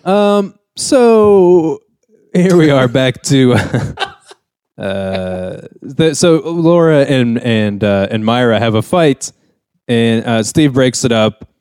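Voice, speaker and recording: A man's voice: mid-range voice, animated, takes it slowly, a little mellow, smooth, no echo. A man hosting a casual comedy podcast over a video call, rambling through an episode recap with plenty of laughs. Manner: rambling, laughs often, acts out quotes. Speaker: podcast host. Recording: dry remote call audio.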